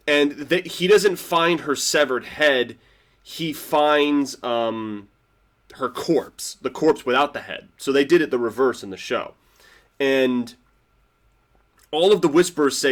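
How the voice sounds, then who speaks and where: Guy rambling through his tv episode review, tons of "like"s and restarts, gets worked up then goes quiet. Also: on the high side, measured pace. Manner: rambling, full of "like" fillers and restarts; swings between excited and quiet. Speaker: TV show reviewer. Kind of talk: casual reaction review.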